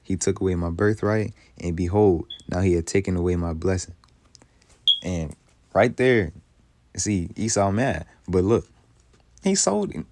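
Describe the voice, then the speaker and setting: A man teaching from the Bible, reading old scripture slowly and then explaining it in loose, casual, emphatic speech. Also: deep voice, mellow. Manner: heated, emphatic commentary.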